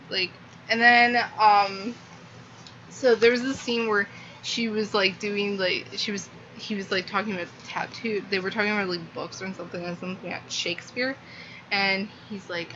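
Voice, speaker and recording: Young female book vlogger, bright voice, unhurried, rambling fangirl energy, faint room hiss. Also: medium pitch, fairly even intonation, muffled recording. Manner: gushing, rambling, many "like" fillers. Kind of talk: casual book review vlog.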